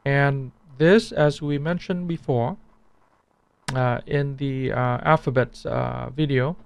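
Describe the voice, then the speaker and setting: A man teaching a language pronunciation lesson, repeating each sound slowly so it can be compared. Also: medium pitch, vocal fry, clean tone.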